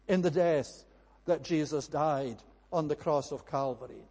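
A man delivering a sermon as a minister, earnest and emphatic, often pausing with "eh" between phrases. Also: on the high side, darkish tone, husky. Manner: earnest, emphatic preaching with frequent "eh" fillers. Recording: long reverb of a large hall.

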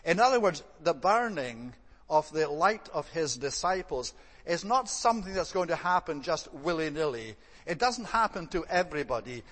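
A man giving an evening sermon. He speaks in a measured, thoughtful way, often pausing on "eh" and "uh.". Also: a little high, sing-song, a bit bright, big-room sound. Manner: measured, thoughtful delivery with frequent "eh" and "uh" restarts. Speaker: preacher.

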